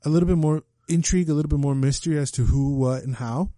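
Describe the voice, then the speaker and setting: A man's voice: on the high side, quick pace, mellow, dry recording. A man chatting casually about a movie, laid-back and profane, dropping Spanish slang. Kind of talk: casual film chat.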